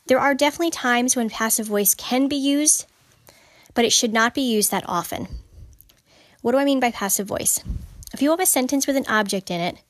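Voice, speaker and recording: A woman's voice: a little high, fairly quick, no room sound. Emphatic woman teaching writing, dry sound. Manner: emphatic, repeats points for stress. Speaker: podcast host teaching writing. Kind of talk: informal teaching monologue.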